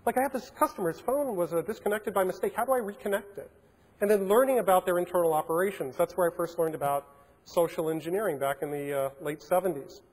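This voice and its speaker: Male keynote speaker, forties, high voice, lively storyteller, long hall reverb. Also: fast. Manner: animated anecdotal storytelling with fillers. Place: hotel conference hall.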